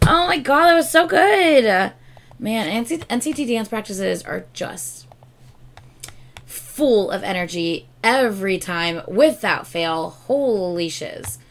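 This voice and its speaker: A woman's voice: mid-range voice, expressive, slow, creaky, slight background noise. A tired woman hosting a reaction video, talking casually, swearing freely and singing along.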